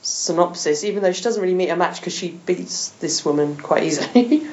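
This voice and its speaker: A woman's voice: fairly low pitch, a little fast, darkish tone, dull audio. A woman hosting a podcast, chatting with enthusiasm and laughing often. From England. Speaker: podcast host. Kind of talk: casual chat.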